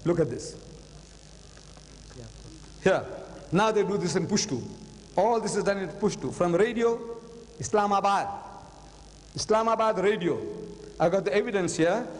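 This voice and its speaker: A man's voice: high voice, measured pace, long pauses, big-room sound, poor audio. An older man telling a story in a public lecture to a live audience, dramatic and repeating phrases for emphasis. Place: lecture hall.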